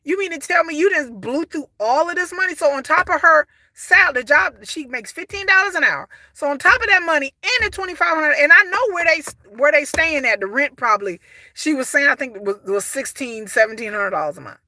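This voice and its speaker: Blunt, high-voiced woman reviewer. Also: animated, a little fast, bright, forceful tone, no echo, studio quality. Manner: blunt, exasperated, swears freely. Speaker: reality TV reviewer. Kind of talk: casual commentary.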